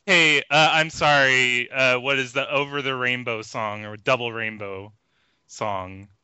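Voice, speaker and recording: A man's voice: medium pitch, steady tone, unhurried, sharp tone, clear, resonant tone, dry recording. A man joking and bantering in a casual gaming chat. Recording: dry, slightly dull lo-fi audio.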